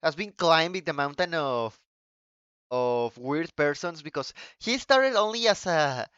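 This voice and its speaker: A man whose first language is Spanish, live-streaming and chatting to viewers in an excitable, profane rant full of restarts. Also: a little high, unhurried, clear, resonant tone, dry recording, dull audio. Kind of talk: casual live-stream chat.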